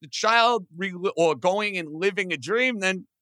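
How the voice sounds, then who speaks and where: A man co-hosting a casual sports podcast, talking in an excitable way and leaning on "like" a lot. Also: sits high, no echo. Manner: excitable, talks fast with lots of "like". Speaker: podcast co-host.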